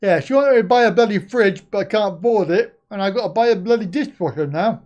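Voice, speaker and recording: A man's voice: high-pitched, brisk, darkish tone, highs cut off. An older man hosting a live stream, chatting casually, reading out viewer comments, swearing lightly and laughing often.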